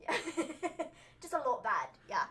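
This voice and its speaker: British woman, livestream co-host; high, crisp-bright tone, playful, laughs a lot. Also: big pitch swings, slow. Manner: playful, teasing, laughs often. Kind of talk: casual livestream chat.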